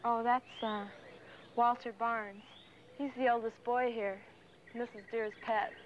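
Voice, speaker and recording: A woman's voice: a little high, level tone, takes it slowly, a little hiss or hum, pitched above the performer's own voice, poor audio. A young woman speaking lines in a 1970s film clip. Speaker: film characters, teenage orphan girls.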